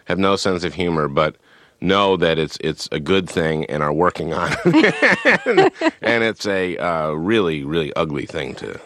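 A man speaking as a comedian guest in a radio interview, wry and halting, laughing between phrases. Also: low-pitched, very animated, a bit bright.

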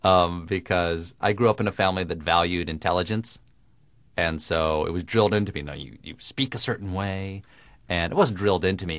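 A man with crisp, precise diction, talking in a dry, self-mocking way as a guest in a radio interview. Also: low-pitched, dry recording. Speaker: guest comedian.

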